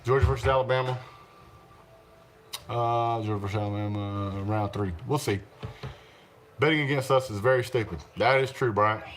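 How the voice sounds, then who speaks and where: Reading out viewer comments on his casual live stream, a chatty man laughs a lot and responds to the chat. He's an adult with young children. His voice is medium-pitched and fairly bright, at normal speed with frequent pauses.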